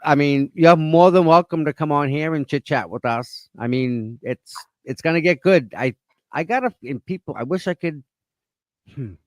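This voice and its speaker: A man's voice: on the high side, moderate pace, dry recording, clean studio sound. A man co-hosting a livestream with a Boston accent, laid-back and teasing in casual chat. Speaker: co-host.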